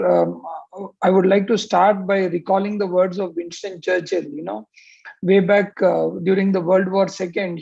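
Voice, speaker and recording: A man speaks on a panel, his high voice gravelly and husky. He hesitates with many fillers yet stresses his points emphatically. The audio is a muffled, lo-fi video call. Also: darkish tone. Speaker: surgeon and panelist. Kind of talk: panel opening remarks.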